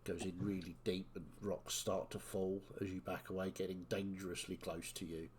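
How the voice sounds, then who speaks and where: A man's voice: deep voice, flat delivery, moderate pace, a little mellow, a little hiss or hum. A man narrating as dungeon master in a tabletop game, describing scenes in a loose, rambling way with lots of fillers.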